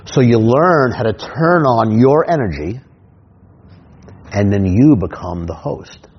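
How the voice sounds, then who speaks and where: A man who works as a stage hypnotist, teaching his technique through comic stories in an animated way, repeating himself and restarting his sentences. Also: medium pitch, breathy edge, muffled recording. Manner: animated, repetitive, quick restarts.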